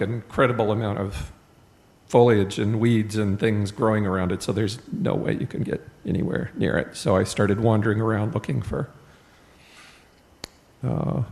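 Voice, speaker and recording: Gravelly-voiced man sharing a story. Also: lowish voice, darkish tone. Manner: rambling, self-deprecating storytelling with fillers. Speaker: retreat participant. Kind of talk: personal sharing in a group.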